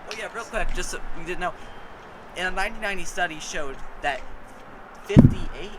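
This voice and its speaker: A man's voice: sits high, fairly quick, heavy background noise. A young man co-hosting a casual podcast chat, rambling with lots of restarts. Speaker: podcast co-host.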